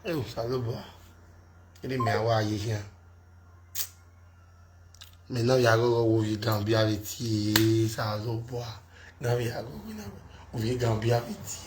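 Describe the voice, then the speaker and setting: A man hosting a casual live-stream chat in Nigerian Pidgin, animated and insistent, often cutting in. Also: medium pitch, measured pace, pauses often, noisy background. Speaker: host.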